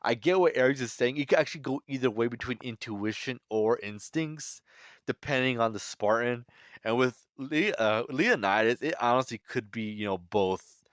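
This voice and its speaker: A man's voice: medium pitch, expressive, moderate pace, no room sound. Chatty man breaking down a manga chapter. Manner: chatty, enthusiastic, frequent fillers and restarts. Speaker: manga commentator. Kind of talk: casual chapter breakdown commentary.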